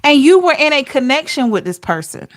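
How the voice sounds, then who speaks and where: A woman giving a casual tarot reading to camera, talking in an expressive, chatty way with rhetorical questions. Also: sits high, a little fast. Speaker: tarot reader.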